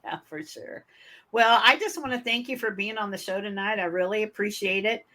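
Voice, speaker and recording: A woman's voice: medium pitch, normal speed, bright, forceful tone. A woman from Michigan with a northern US accent, hosting a podcast interview in a friendly, chatty way with fillers. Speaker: podcast host. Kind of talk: casual interview.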